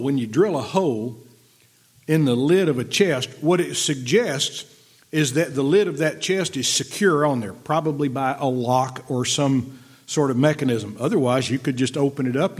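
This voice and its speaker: A man's voice: medium pitch, husky. A middle-aged man preaching a folksy, conversational sermon and reading verses aloud. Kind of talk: sermon teaching from scripture.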